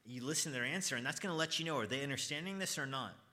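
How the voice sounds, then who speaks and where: A man's voice: mid-range voice, rapid-fire, sharp tone. A man teaching an evangelism class at church, talking conversationally, quizzing his students and stressing key points earnestly.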